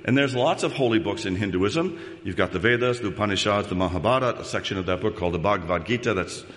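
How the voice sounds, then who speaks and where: A man's voice: fairly low pitch, fast talker, fairly bright tone. A man preaching a sermon as a pastor, talking conversationally and often checking in with the congregation. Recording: long reverb of a large hall.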